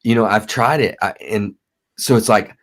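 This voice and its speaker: Man, 30s, low voice; halting, blunt, profane recovery guest. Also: a bit bright. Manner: halting, repeats words, swears freely. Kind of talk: candid conversation.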